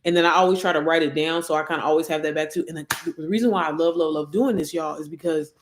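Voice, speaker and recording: A woman's voice: low-pitched, steady tone, quick pace, background noise. A woman hosting a casual livestream, chatting directly to her viewers and calling them girl and baby, sometimes reading affirmations aloud. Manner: reads out affirmations. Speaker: livestream host.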